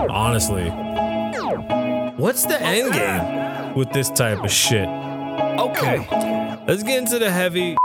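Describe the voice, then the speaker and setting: A man hosting a podcast, giving casual, profane and rambling commentary on the news. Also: mid-range voice. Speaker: podcast host.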